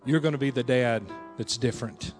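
A male pastor preaching a sermon, telling a story and dropping to a hush, then rising again. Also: medium pitch, a little fast. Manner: storytelling, swings between hushed and raised. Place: large church hall. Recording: reverberant church hall with music.

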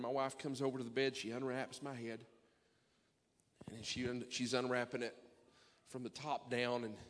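Impassioned high-voiced preacher, echoey hall. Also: male voice. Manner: impassioned, rising to near-shouting. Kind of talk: sermon testimony.

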